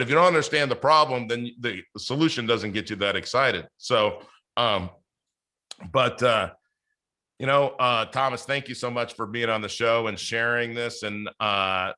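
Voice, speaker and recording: A man's voice: fairly low pitch, bright, forceful tone. A man hosting a podcast interview, chatting casually with plenty of fillers and restarts. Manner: rambling, many fillers and restarts. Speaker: podcast host.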